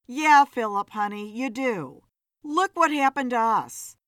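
A woman's voice: fairly high pitch, lively intonation, measured pace, fairly bright tone, no echo, studio quality. A woman voicing a blunt, weary female bartender in an audiobook story.

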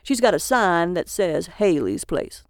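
Brief: blunt small-town man, loud and plain-spoken, read by a woman. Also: fairly low pitch, expressive, measured pace, dry recording, clean studio sound. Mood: directive.

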